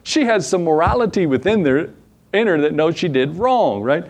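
A man's voice: on the high side, lively intonation, normal speed, a little mellow. Folksy male preacher reading scripture. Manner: folksy, asks rhetorical questions, chuckles often. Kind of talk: conversational sermon with scripture reading.

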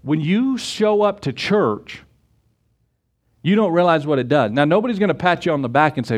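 A man's voice: a little high, expressive, moderate pace. A man preaching a sermon to his congregation, asking rhetorical questions and answering them himself. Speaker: pastor. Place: church.

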